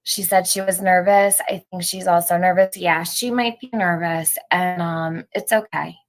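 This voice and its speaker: A woman's voice: lowish voice, steady tone, moderate pace. A woman hosting a live stream, chatting casually with viewers and reading out their comments, laughing often.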